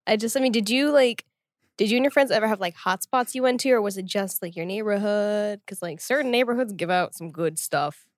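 A woman's voice: mid-range voice, a little fast, no room sound, clean studio sound. A young woman co-hosting a podcast, chatting casually, teasing and laughing easily. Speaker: podcast co-host. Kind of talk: casual chat.

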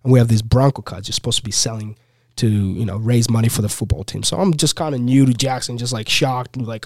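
Young man from Uganda, podcast guest; lively casual storyteller, plain dry sound. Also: mid-range voice, fairly quick, no room sound. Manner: animated, heavy use of "like" and "you know".

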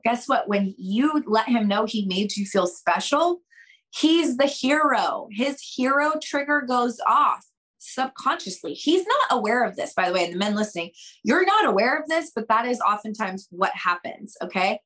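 Woman on a podcast giving dating advice, super emphatic, talks right to "you guys", acts out little convos with her voice jumping way up. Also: rough recording. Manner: animated, acts out dialogue with big pitch jumps; shifts between quick bursts and slow, drawn-out emphasis. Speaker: podcast guest, dating coach.

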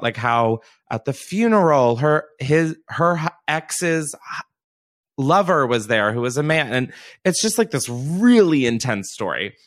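A man's voice: mid-range voice, a bit bright. A young man hosting a podcast, chatting casually in a rambling way and laughing often. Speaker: podcast host. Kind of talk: casual chat.

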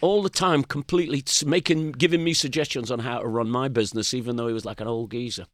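A man's voice: mid-range voice, fairly even intonation, fast, no echo, studio quality. An older English man telling loose, rambling anecdotes as a podcast guest. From England. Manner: rambling anecdotal storyteller, frequent restarts. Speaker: guest musician. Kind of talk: casual storytelling interview.

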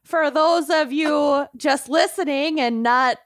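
A woman's voice: high voice, dry recording, clean studio sound. A woman hosting a podcast, chatting casually and laughing often. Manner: laughs often, drawn-out delivery. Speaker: podcast host. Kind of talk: casual chat.

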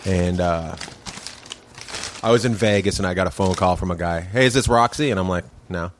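A man's voice: sits low, fairly even intonation, moderate pace. A man from Canada, a comedian guest on a podcast, telling stories in a laid-back, dry way. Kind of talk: casual chat.

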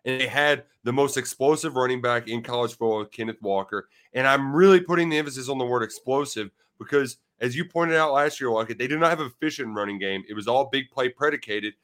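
A man's voice: medium pitch, fast, hardly any pauses, fairly bright tone. A man co-hosting a sports podcast in a playful, self-mocking way, tripping over restarts as he gives his take. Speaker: podcast co-host. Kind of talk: casual sports betting chat.

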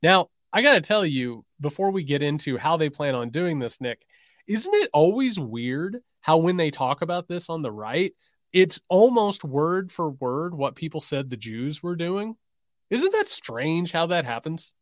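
Animated, sarcastic man co-hosting a podcast. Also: a little high, unhurried, dry recording, studio quality. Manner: sarcastic, reads quotes aloud with mocking emphasis. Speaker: podcast co-host. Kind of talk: political commentary podcast.

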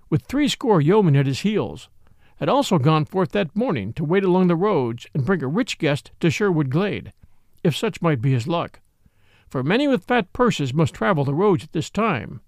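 A man reading a storybook aloud in an expressive, measured way. His voice is gravelly and fairly high, with lively pitch, and the sound is dry and close. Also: dry recording. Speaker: audiobook narrator. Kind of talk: scripted storybook narration.

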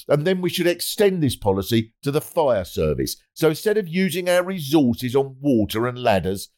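Sarcastic comedian, lively pitch. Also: male voice, moderate pace, few pauses. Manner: sarcastic, animated. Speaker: podcast host. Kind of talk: satirical comedy monologue.

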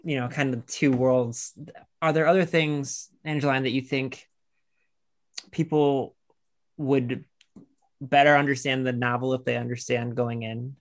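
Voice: medium pitch, steady tone, a little slow, long pauses. A podcast host interviewing guests over a video call, chatty and prone to long, rambling questions.

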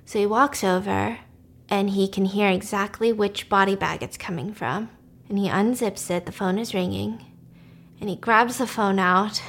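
A woman casually retelling the plot of a drama, animated and dropping to a whisper at tense moments. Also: mid-range voice, normal speed, creaky, slight background noise. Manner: animated, drops to a whisper for suspense. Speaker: storyteller recapping a drama. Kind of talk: casual storytelling recap.

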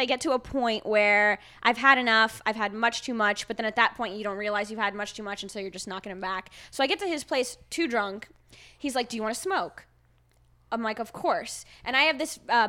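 A woman with a bright, high voice tells a story in casual podcast chat. She is animated, laughs often and swears easily. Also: fairly quick. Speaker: podcast guest.

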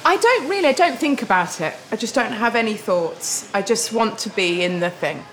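Lively, laughing woman guest. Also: on the high side, normal speed, low-quality recording. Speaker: actor, interview guest. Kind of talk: casual lunchtime interview. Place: restaurant table.

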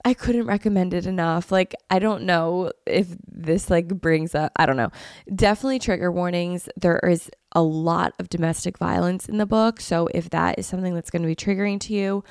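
A woman's voice: fairly low pitch, steady tone, moderate pace, a little mellow, clear, resonant tone, dry recording, clean studio sound. A young woman hosting a podcast in casual chat, gushing and effusive, sniffling from a cold. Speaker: podcast host.

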